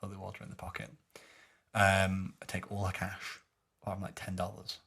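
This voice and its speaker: A man co-hosting a podcast, telling a story in casual chat and dropping to a low mutter for quoted lines. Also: completely flat delivery, a little fast, gravelly, a bit bright, breathy edge. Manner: recounts scenes with low muttered quoted dialogue. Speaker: podcast co-host.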